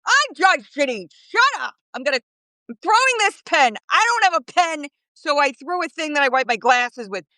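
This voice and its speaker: A woman impersonating a loud, brash female TV judge with a harsh New York accent, yelling and swooping up and down in pitch. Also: sing-song, normal speed, dry recording, full character voice.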